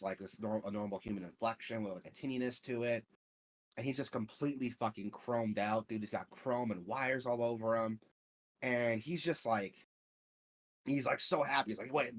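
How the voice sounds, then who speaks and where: A man hosting a gaming podcast, chatting casually in a profane, rambling way full of filler words. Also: medium pitch. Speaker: podcast host.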